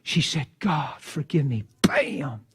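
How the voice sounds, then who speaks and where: A man preaching, telling a story in a hushed voice and then breaking into shouted bursts. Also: a little high, sing-song, slow pace, heavy background noise. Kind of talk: sermon storytelling.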